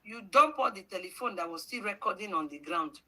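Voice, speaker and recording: A woman's voice: medium pitch, lively intonation, fairly quick, sharp tone, low-quality recording. A woman with a Nigerian accent hosting a livestream, scolding her audience with rhetorical questions and slipping into pidgin. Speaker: livestream host. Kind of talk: livestream commentary.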